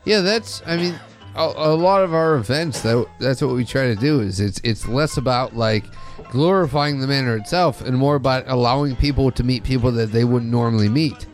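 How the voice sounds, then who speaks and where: Male podcast host, casual and rambling, curses a lot, restarts his sentences, soft music in the background. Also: mid-range voice, normal speed. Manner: rambling, swears freely, frequent restarts. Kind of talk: casual chat.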